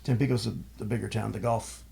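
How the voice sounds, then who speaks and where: An older man talks in an easy, rambling way and keeps restarting his sentences. His voice is gravelly, with a lot of fry in it. He is a guest on a relaxed podcast. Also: on the low side, fast. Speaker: guest, father of the host. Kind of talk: casual chat.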